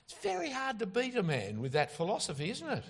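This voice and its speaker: Lively, gravelly preacher man. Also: sits high, a little fast. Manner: emphatic, with rhetorical questions. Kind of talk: expository sermon.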